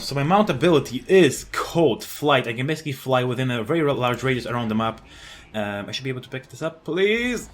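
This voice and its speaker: Excitable male gamer commentating live play. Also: mid-range voice, slight background noise. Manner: excited, swears at enemies, frequent fillers and restarts. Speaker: gameplay commentator.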